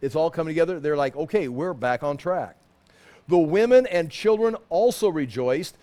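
A man's voice: fairly high pitch, animated, moderate pace, warm tone. A middle-aged man teaching a Bible study in a loose, conversational way, pointing out places on a map and often restarting his sentences. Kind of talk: sermon.

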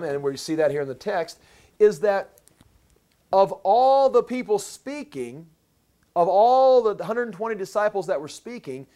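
A man preaching a sermon as pastor, explaining a Bible passage step by step in an emphatic way and slowing down to stress key words. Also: high voice, a little mellow. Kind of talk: sermon, verse-by-verse Bible teaching.

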